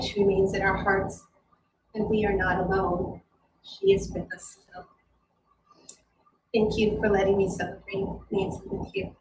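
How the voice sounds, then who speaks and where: Woman giving a measured eulogy. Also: mid-range voice. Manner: measured, heartfelt. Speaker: memorial speaker. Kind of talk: delivering a eulogy. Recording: distant, echoey hall with noise.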